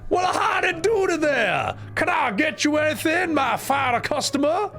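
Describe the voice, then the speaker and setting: A shrill shouting hick bartender. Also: male voice, very animated, a little slow, faint music behind, exaggerated voice. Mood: cheery. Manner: shouty, sing-song, folksy drawl. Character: loud cheery hick bartender man, folksy.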